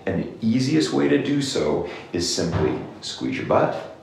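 A man's voice: fairly low pitch, very animated, measured pace, vocal fry, a little mellow, far from the mic. A male clinician giving exercise advice in an emphatic rant to camera, repeating "okay?" often. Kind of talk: direct-to-camera rant video. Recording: very echoey room, somewhat off-mic with faint noise.

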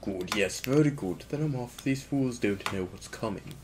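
A man's voice: fairly low pitch, animated, normal speed, noisy background. A man doing a pompous, gloating monster king.

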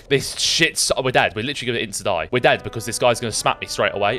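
A young man commentating his own gameplay, excitable, swearing and talking to himself. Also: lowish voice, quick pace, hardly any pauses, soft background music. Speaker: gaming YouTuber.

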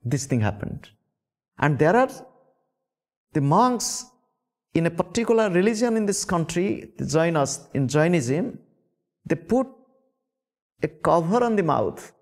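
Middle-aged Indian-accented man giving a sermon; slightly high voice, repeats himself, asks questions. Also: sing-song, measured pace, long pauses, darkish tone. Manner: repeats words for emphasis, asks the listeners questions. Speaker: spiritual teacher.

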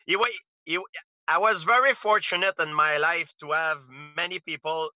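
A man's voice: fairly high pitch, moderate pace, pushed and bright, no echo, muffled recording. Earnest man. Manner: earnest storytelling with frequent restarts. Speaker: interview guest, fighter. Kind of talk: casual interview talk.

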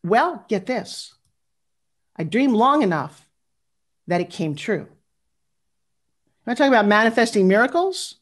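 A woman in her fifties giving a motivational speech, animated and confessional, talking straight to her audience and asking for their replies. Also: a little high, measured pace, pauses often. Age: 50s. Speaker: motivational speaker.

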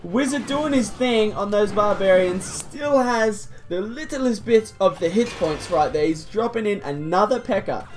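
A woman giving casual, excitable commentary over a game replay, teasing her opponent and chuckling as she goes. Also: medium pitch, unhurried, hardly any pauses. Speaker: gaming video host. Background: faint game music.

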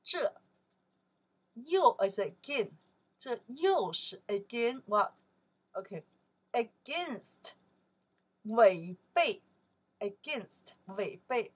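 A woman with a Chinese accent teaching a song lesson, explaining in simple English and singing lyric lines slowly. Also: on the high side, very animated, slightly rough. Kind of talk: slow song lesson for learners.

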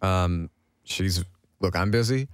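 A man's voice: sits low, slow, clean tone, no room sound. An American man chatting casually as a guest in a radio studio interview, rambling and restarting often, laughing easily. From United States. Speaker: guest actor.

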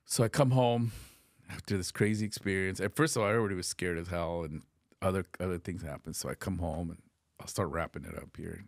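A middle-aged man, a podcast guest, telling a story in an animated, profane way on a close podcast mic. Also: sits low, brisk, creaky, no room sound. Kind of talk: casual storytelling.

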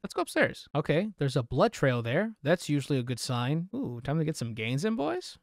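A man streaming a game live, talking through it in an excitable, profane way with sudden yelling outbursts. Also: fairly high pitch, brisk, few pauses, dry recording. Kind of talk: live gameplay commentary. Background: faint game soundtrack music.

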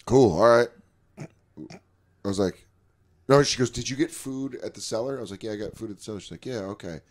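A man on a podcast, telling stories in a casual, animated way, acting out both sides of conversations and swearing often. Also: medium pitch, fast. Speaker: podcast guest comedian. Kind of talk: casual storytelling chat.

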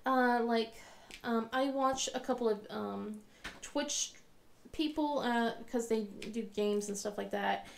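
A young woman talks casually to her camera from the couch at home. She rambles, restarts her sentences and laughs a lot, in a fairly high voice. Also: slow, vocal fry, a little hiss or hum. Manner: acts out her young son's lines in a high voice. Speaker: crafting vlogger.

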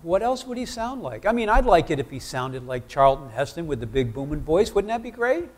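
A man's voice: fairly high pitch, very animated, a little fast. Conversational man preaching a sermon. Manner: conversational, asks the congregation questions. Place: church.

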